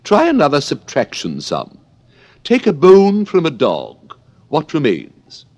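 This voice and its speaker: A man reading an audiobook, voicing an imperious, scolding old queen in a shrill, emphatic manner. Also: wildly swooping pitch, takes it slowly, a little mellow, heavily acted. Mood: bossy.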